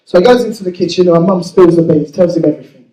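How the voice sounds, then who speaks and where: A man's voice: high voice, very fast, echoey room, recorded from a distance, very noisy. A man doing a stand-up routine, telling a childhood story in a crude, self-mocking way. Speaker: stand-up comedian.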